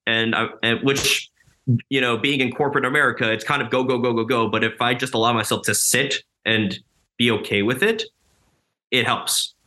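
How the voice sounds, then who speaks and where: Casting: man in his twenties, bright tense voice, rambling casual talker. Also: medium pitch, steady tone, moderate pace. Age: 20s. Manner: rambling, many likes and ums. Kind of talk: casual conversation.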